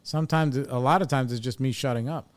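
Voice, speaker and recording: A man's voice: medium pitch, a little fast. A man in his forties talking candidly on a podcast, reflective and blunt, swearing freely as he works through his thoughts. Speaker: podcast host in recovery. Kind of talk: candid casual talk.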